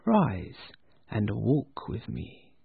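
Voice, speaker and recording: A man voicing a childlike spirit, speaking softly and gently, a little higher than his own voice. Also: big pitch swings, a little slow, gravelly, breathy edge, no echo, heavily acted. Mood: gentle. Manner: soft and gentle. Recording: tinny phone-like dry sound.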